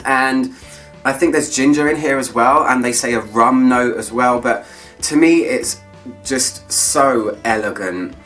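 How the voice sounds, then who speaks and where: Chatty man a bit off-mic, soft music. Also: mid-range voice, normal speed, recorded from a distance. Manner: enthusiastic, chatty, lingers on descriptive words. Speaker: fragrance reviewer. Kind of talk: casual chat to camera.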